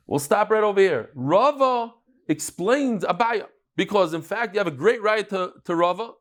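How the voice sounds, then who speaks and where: A man, teaching a daily Talmud class in a lively, joking way, acting out the quotes he reads. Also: high-pitched, normal speed.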